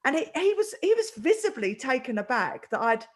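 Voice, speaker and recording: A woman's voice: sits high, brisk. A woman hosting a casual chat, telling a story animatedly and acting out the voices in it. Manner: animated storyteller, acts out quotes. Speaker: host.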